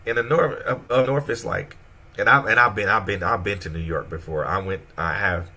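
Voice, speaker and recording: A man with a Southern American accent chatting casually on a radio show, telling stories with animated quoted voices. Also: on the low side, normal speed. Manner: animated storyteller, acts out quoted voices, laughs often. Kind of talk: casual chat.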